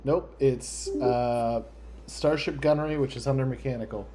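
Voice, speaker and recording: A man running a tabletop role-playing game, easygoing and quick to laugh. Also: mid-range voice, steady tone, background noise. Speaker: game master.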